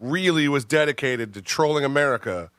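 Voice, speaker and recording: A man's voice: medium pitch, a little fast, a bit bright, clean tone, no echo. A man co-hosting a radio show, making wry jokes in casual banter into a studio microphone. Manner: wry, joking. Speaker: radio co-host.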